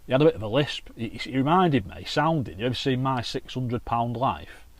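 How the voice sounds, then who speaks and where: A man's voice: medium pitch, lively intonation, normal speed, no echo. A man chatting casually to camera outdoors by a lake, telling anecdotes while fishing. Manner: chatty anecdotal storytelling with swearing. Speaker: carp angler and vlogger.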